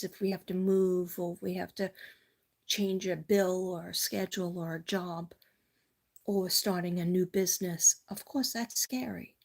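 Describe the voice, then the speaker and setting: With a medium-pitched, slightly mellow voice, a middle-aged woman gives a tarot reading. She's from Staten Island, has a New York accent, and rambles casually through plenty of personal anecdotes.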